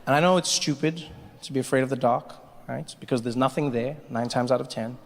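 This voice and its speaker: A man's voice: medium pitch, brisk, gravelly. A man performing a stand-up comedy set on a large stage, telling stories animatedly and jumping into character voices. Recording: stage mic with long hall reverb, faint hiss.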